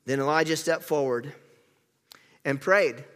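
A man's voice: on the high side, measured pace, fairly bright tone, big-room sound. A man preaching a sermon, telling the story in a playful, chatty way and asking the crowd questions.

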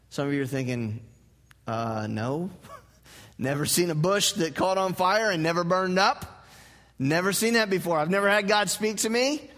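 A man's voice: high-pitched, fairly bright tone, long reverb tail. A male pastor preaching a sermon in a church, conversational and joking, repeating his key phrases. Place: church sanctuary.

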